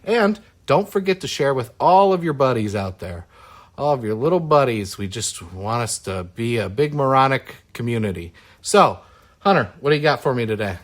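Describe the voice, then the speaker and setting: A man's voice: medium pitch, expressive, normal speed. A man hosting a podcast in casual chat, making crude jokes and teasing his co-host.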